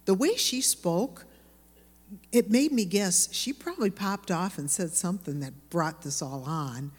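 A woman teaching a sermon to women, with earnest, lively storytelling. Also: on the low side, measured pace, slightly rough, in a large hall.

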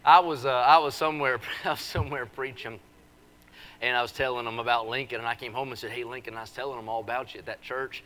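A man delivering a church sermon in a bright, ringing voice. He jokes and teases in a folksy way, then pushes into forceful, rising preaching. His pitch sits in the middle range. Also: steady tone, quick pace, slight background noise. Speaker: visiting preacher. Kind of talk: revival sermon with joking asides. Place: church service.

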